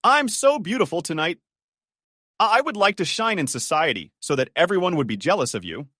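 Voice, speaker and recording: A man's voice: sits high, big pitch swings, fairly quick, sharp tone, no echo, studio quality, voice pushed up, full character voice. A man voicing a young wife who is playful, vain and persistent. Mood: coaxing.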